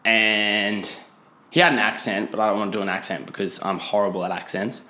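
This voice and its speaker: A man's voice: on the low side, little pitch movement, fairly quick, sharp tone. Rambling, sweary Australian man. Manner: rambling, sweary, self-interrupting. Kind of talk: casual storytelling. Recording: roomy echo.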